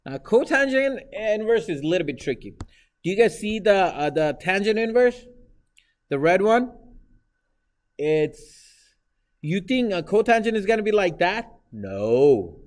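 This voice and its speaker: A man's voice: high-pitched, big pitch swings, measured pace. A man teaching math in a classroom, lecturing live and teasing his students with jokes.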